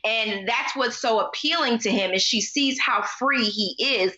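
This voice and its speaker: Bright-voiced woman on a dull line. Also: a little high, unhurried. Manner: expressive, slangy, acts out quoted reactions. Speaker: podcast co-host. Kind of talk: casual chat recapping a TV episode. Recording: dull, lo-fi remote audio.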